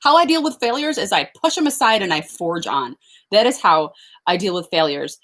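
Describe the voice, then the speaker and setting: A young woman talks casually to her viewers on a live stream, answering questions one after another. She is chatty and unscripted, with plenty of fillers and little laughs. Her voice sits at an ordinary middle pitch. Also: lively intonation, moderate pace, fairly bright tone. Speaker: flower farmer hosting a live Q&A. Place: outdoors on a farm.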